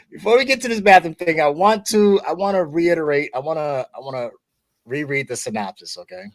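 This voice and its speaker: Chatty American man hosting a podcast. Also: a little high. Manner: conversational, repeats and restarts, frequent "okay?" asides. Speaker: podcast host. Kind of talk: casual podcast discussion.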